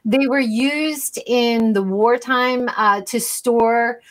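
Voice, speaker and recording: A woman's voice: fairly high pitch, fairly even intonation, takes it slowly. A woman hosting a casual livestream chat, engaged, ending her points with "right?". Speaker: livestream host.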